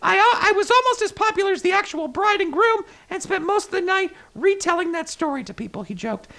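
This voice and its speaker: A squeaky cartoon toilet paper roll host. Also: animated, a little fast, vocal fry, pushed and bright, full character voice. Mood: chipper. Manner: bouncy, hammy, flustered when guests misbehave. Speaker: show host. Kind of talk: comedic news talk show.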